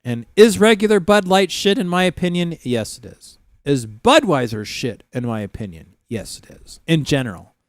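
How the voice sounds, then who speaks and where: Lively, profane Canadian man streaming. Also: a little high, normal speed, hardly any pauses, dry recording. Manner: profane, rambling, laughs often. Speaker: livestream host. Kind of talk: casual livestream chat.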